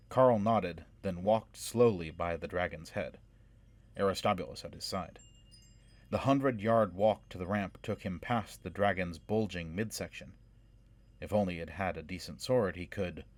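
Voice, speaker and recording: A man reading a fantasy novel aloud in measured, dramatic scripted narration. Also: low-pitched. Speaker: audiobook narrator.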